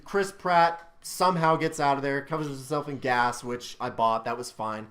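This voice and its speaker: A man's voice: medium pitch, steady tone, moderate pace, a bit bright. A young man hosting a casual film review chat, ranting with exasperated anger and plenty of swearing. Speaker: channel host reviewing a film.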